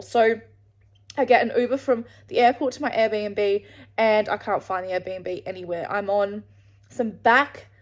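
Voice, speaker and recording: An Australian woman vlogging to camera, telling a rambling travel story and swearing freely along the way. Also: mid-range voice. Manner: rambling, swears freely, restarts mid-sentence.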